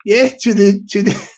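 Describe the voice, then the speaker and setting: A man's voice: very high-pitched, fairly bright tone. A young man hosting a live stream, telling a rambling comic story with lots of restarts and asides.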